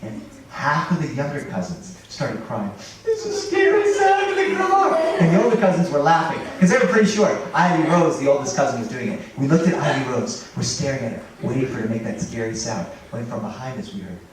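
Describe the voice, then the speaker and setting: A man telling a spooky story live to an audience. He is animated and drops to a hush before shouting. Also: medium pitch, fast talker, few pauses, over a noisy crowd. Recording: roomy, echoing from a distance.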